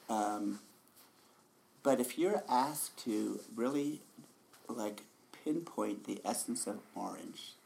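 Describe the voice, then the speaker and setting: A man giving a relaxed, conversational dharma talk as a meditation teacher, often laughing softly. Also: mid-range voice, gravelly.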